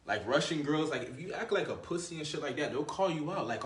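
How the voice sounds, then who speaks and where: A man's voice: fairly high pitch, lively intonation, fairly quick, echoey room. A man giving blunt, profane dating advice in a casual monologue, with a swaggering manner and lots of filler words. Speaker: dating coach.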